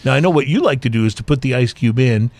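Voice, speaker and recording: A man co-hosting a casual chat, reading out points in a relaxed way with frequent hesitations. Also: medium pitch, fast talker. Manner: relaxed, hesitant with many fillers. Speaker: co-host.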